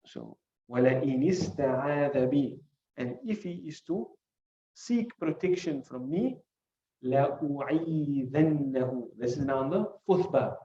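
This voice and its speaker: A warm, fairly high male voice at a moderate pace guides a hadith class, unpacking Arabic words individually and asking rhetorical questions. Classical Arabic recitations punctuate his English, and the muffled recording carries room echo.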